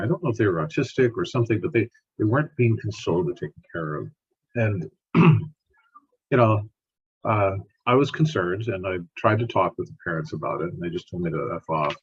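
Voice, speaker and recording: A male scientist tells stories on a podcast in a lively, repetitive way. His voice is low and very husky, rising and falling a lot. The audio sounds muffled. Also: normal speed. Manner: animated, repeats words while telling stories. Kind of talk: storytelling in conversation.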